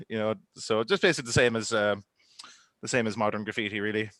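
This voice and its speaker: A man's voice: fairly low pitch, fast, fairly bright tone, no echo. Man rambling through comic banter. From Ireland. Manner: rambling, filler-heavy storytelling. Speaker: comedian contestant. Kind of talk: casual comedic banter.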